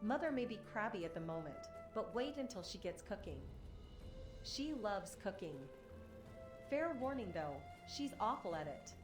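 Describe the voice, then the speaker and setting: A woman's voice: mid-range voice, sing-song, normal speed. A woman voicing a cheerful, chatty young villager in a game, with an AI-generated voice. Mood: teasing. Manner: chatty, lightly joking. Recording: echoey game audio over music.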